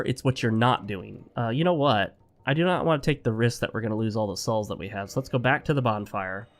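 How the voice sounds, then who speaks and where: Man, gameplay commentary, talks straight to viewers, opinionated, slightly under the weather. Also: medium pitch. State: sick. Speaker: gaming channel host. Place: home.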